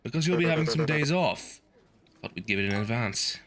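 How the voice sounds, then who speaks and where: A man voicing a loud, boastful older male boss in a video game, hearty and gloating. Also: on the high side, lively intonation, a little fast, over loud music, lightly acted.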